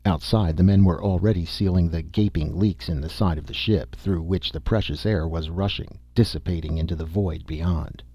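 A man narrating a science fiction story in a steady, measured reading voice, with a husky tone. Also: deep voice, dry recording, lo-fi sound. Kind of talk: audiobook narration.

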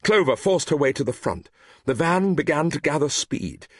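A man narrating a story in a measured, expressive reading voice, recorded close to the mic. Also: on the high side, no room sound. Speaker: audiobook narrator.

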